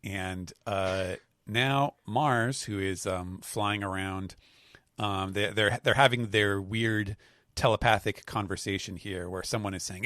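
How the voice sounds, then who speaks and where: Podcast host, male, lowish dry voice, casual recap, plays the quotes up. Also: a little slow, dry recording. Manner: reads quoted lines with animated voices.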